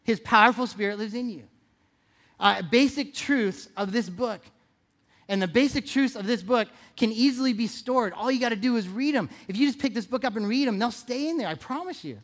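A pastor preaching a sermon in a relaxed, chatty way, asking the congregation questions and repeating key phrases for emphasis. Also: mid-range voice, a little fast. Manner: conversational, playful, asks the audience questions.

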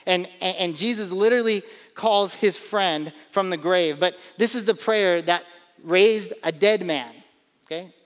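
This is a sermon delivered a little slowly by a pastor whose voice is bright and pitched high. His style is relaxed and conversational, yet he leans hard on important points and says words twice, all echoing with the lingering reverb of a big hall.

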